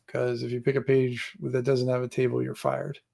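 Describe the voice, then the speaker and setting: A man with a creaky, mellow, mid-range voice speaks in a monotone at a moderate pace. In a home room with gear and books behind him, he hosts a laid-back live stream about writing a tabletop adventure, thinking aloud in a roundabout way and joking with viewers.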